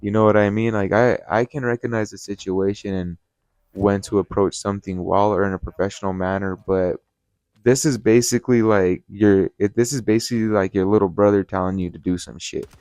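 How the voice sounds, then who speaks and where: A man's voice: lowish voice, fairly quick, smooth, no echo. A young man telling a workplace story to camera in a casual vlog, profane and fired up, talking straight to his viewers. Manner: profane, heated, animated storytelling, addresses viewers as guys. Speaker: restaurant manager.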